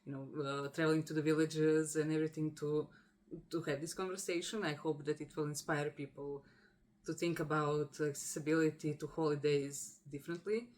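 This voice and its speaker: A young woman from Croatia, hosting a casual video-call interview, warm and effusive with many fillers and laughs. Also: sits low, level tone, a little fast. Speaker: podcast host.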